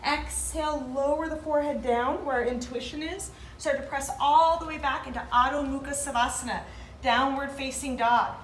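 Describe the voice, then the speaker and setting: High-voiced woman guiding yoga, roomy echo. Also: steady tone, moderate pace, a little hiss or hum. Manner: encouraging, cueing breaths. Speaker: yoga instructor. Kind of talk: guided yoga instruction.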